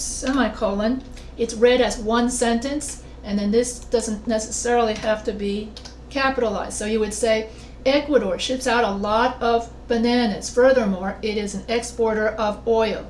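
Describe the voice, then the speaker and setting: A woman with a fairly high voice teaches a writing class over a video call. She works through the points step by step and stops to put questions to her students. The sound is roomy and carries a faint hiss. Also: steady tone, moderate pace, a little mellow. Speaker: writing instructor. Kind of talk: online class lecture. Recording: roomy echo with faint noise.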